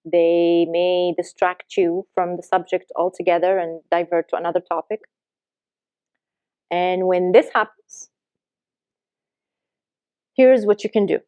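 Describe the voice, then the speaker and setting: A woman coach speaks earnestly and with emphasis, acting out quoted phrases as she teaches. Her voice is mellow and dark-toned. The recording is dry and a little dull. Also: on the low side, steady tone, a little slow, pauses often, clear, resonant tone, dry recording. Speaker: life coach. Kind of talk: coaching talk to camera.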